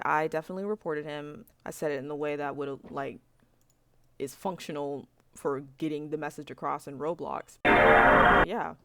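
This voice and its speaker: A woman's voice: low-pitched, background noise. A young woman telling a story to camera in a frank, rambling rant, with lots of fillers and swearing. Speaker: vlogger.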